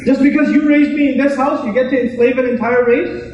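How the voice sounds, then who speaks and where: A male preacher with a very high voice, talking quickly and conversationally, full of rhetorical questions. His sermon rings through a very echoey room, caught from some distance with faint ambient noise. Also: fairly even intonation, a little mellow, highs cut off.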